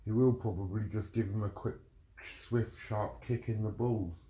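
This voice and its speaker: Angry man, low voice. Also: steady tone, moderate pace, dark tone. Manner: heated, profane, repetitive. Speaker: vlogger. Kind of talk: angry ranting monologue.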